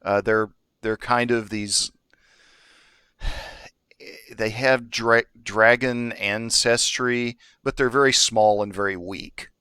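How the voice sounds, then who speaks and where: A man's voice: on the low side, fairly even intonation, takes it slowly, sharp tone, clear, resonant tone, dry recording. A man acting as dungeon master, explaining and narrating the scene of a tabletop game, with frequent restarts.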